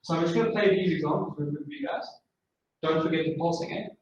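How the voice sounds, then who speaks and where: A man with a high voice leads a live drumming class, encouraging the players and chanting rhythms aloud. He is picked up from a distance in a very echoey room. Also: fast talker, lo-fi sound. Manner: encouraging, sings out rhythms with vocables. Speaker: drumming instructor. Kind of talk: live masterclass teaching. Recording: far-off mic, very echoey room, faint noise.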